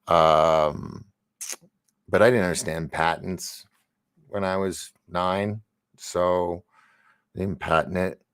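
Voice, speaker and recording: A man's voice: low-pitched, fairly even intonation, slow, long pauses, fairly bright tone, clean tone, no room sound. A man hosting a casual livestream, reading viewer comments aloud and rambling, often trailing off and restarting. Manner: laughs and gasps between remarks. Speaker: livestream host.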